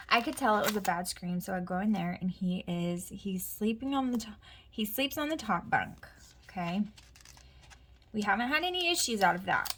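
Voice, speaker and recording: A woman with a medium-pitched, fairly bright voice talks at normal speed, with a little hiss or hum on the recording. A planner vlogger at home, she chats casually while planning, telling a rambling story full of asides and mutters to herself.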